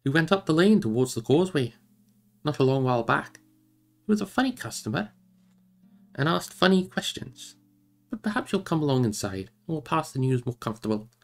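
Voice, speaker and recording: A man's voice: fairly high pitch, very animated, a little fast, creaky, soft background music. A man voicing a stout, blustering hobbit farmer in a hearty, rustic manner for a storybook reading. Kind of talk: storybook character voice.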